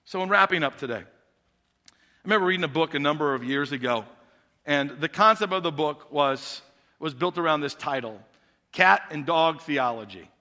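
A man preaching in a church sanctuary, his voice high and very bright. He speaks conversationally and puts questions to the congregation, and a long hall reverb carries his words. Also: lively intonation, normal speed. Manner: conversational, illustrative, asking the congregation. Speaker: pastor. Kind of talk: sermon.

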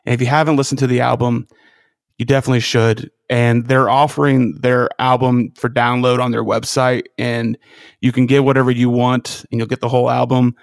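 A man's voice: mid-range voice, little pitch movement, vocal fry, no echo. Earnest podcast guy, dry mic. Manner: earnest, halting with restarts. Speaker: podcast co-host. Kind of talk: casual chat.

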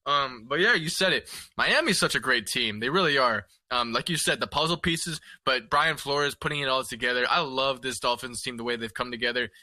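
A man co-hosting a sports podcast, talking in a measured way and hedging with fillers as he weighs his picks. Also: medium pitch, sharp tone, no room sound. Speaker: podcast co-host. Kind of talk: casual sports chat.

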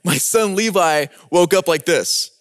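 High-voiced man telling a lively story. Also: a little slow, a little hiss or hum. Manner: animated storyteller acting out scenes. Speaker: speaker giving a prepared talk. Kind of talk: storytelling talk with rhetorical questions.

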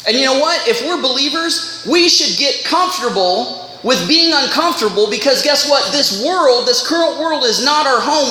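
A male preacher giving an animated, impassioned sermon that mimics other voices. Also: very high voice. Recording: echoey hall with faint noise.

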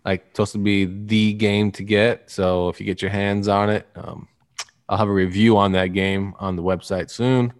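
A man's voice: on the low side, steady tone, normal speed, clear, resonant tone. A man hosting a casual podcast, rambling and joking with his co-hosts. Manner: rambling, joking, restarts a lot. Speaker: podcast host.

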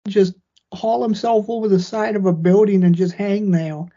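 A woman co-hosting a podcast speaks at a normal speed in a steady, mellow, mid-range voice. She casually recaps a movie, offering dry, short reactions, and the audio sounds muffled and lo-fi.

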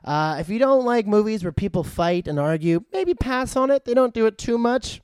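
A man reviews movies in a loose, rambling way, with plenty of uhs and casual swearing. His voice sits fairly high and comes across clean and smooth. The recording is dry and close. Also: big pitch swings, moderate pace, darkish tone, no echo. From Vancouver, Canada.

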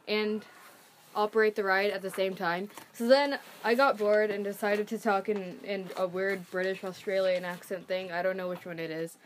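Teen girl, podcast co-host, chatty storytelling, laughs a lot, mid-pitched voice. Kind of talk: casual chat.

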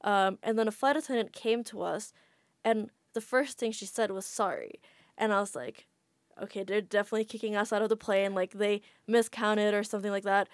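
A woman talks casually on a podcast and packs her story with "like" fillers. Her voice sits in a middle pitch. The sound is close and dry. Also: brisk, no room sound. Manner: chatty, frequent "like" fillers. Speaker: podcast guest.

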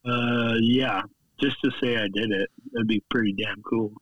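A young man chatting casually, rambling through travel stories with laughs and quick impressions. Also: mid-range voice, fairly even intonation, no echo, dull audio. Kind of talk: casual chat.

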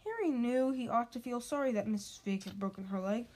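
A woman with a high voice reads a storybook aloud. She stumbles often and restarts words and phrases as she goes. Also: fairly quick, darkish tone.

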